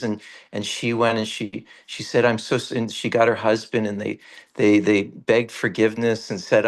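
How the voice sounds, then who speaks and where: Gravelly man telling a devotional story. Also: moderate pace. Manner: animated retelling, rising high for quoted characters. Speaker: class speaker.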